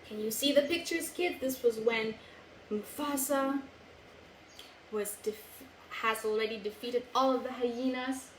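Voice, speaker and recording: A woman with a Filipino accent, storytelling for children in an animated, sing-song way and coaxing them to join in. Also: sits high, unhurried, roomy sound, a little hiss or hum, low-quality recording. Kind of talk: live storytelling for kids.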